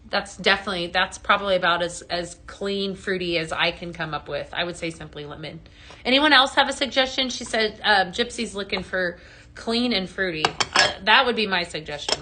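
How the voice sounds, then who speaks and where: A woman hosts a casual live-selling stream with a bright, crisp tone. She chats loosely, answers viewer comments as they come in and fills the gaps with plenty of ums. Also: mid-range voice. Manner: chatty, reads and answers viewer comments, many fillers. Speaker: live-stream product host.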